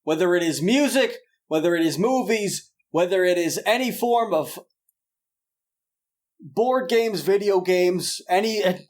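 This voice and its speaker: A man's voice: high voice, animated, measured pace. A young man hosting a podcast in a rambling, jokey, self-deprecating way. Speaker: podcast host. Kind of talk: casual podcast chat.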